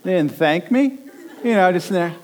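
Animated, high-voiced male preacher. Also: normal speed, a little hiss or hum, poor audio. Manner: animated storyteller, acts out quotes with rising pitch. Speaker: pastor. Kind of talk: sermon with personal story.

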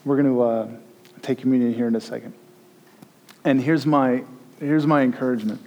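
A man's voice: mid-range voice, steady tone, normal speed, warm tone, dull audio. Conversational male pastor preaching. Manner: conversational, rising emphatic peaks, quoting Jesus. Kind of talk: sermon leading communion.

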